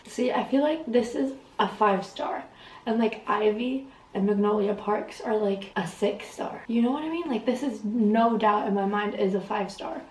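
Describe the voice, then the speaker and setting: A woman's voice: mid-range voice, moderate pace, echoey room, poor audio. A woman in her twenties chatting casually in a reading vlog, rambling and full of fillers. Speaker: vlogger. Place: messy bedroom. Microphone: phone camera.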